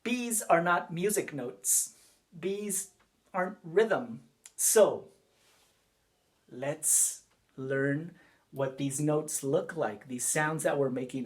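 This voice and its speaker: A man leads a children's music lesson at an unhurried, deliberate pace. He is patient and repeats each step. He often stops to ask the class a question. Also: fairly high pitch. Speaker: music teacher.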